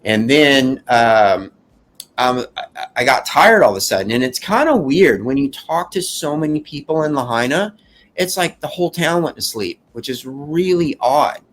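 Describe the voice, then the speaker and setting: Man recounting a disaster, earnest and halting. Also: medium pitch, animated, a bit bright. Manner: earnest, halting, rambling with restarts. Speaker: fire survivor guest. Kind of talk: emotional first-person account.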